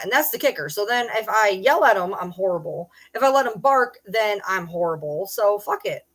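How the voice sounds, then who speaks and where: Blunt, profane middle-aged woman streamer. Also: medium pitch. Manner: blunt and profane, with loud yelled bursts. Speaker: streamer reading chat. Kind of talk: casual live-stream chat.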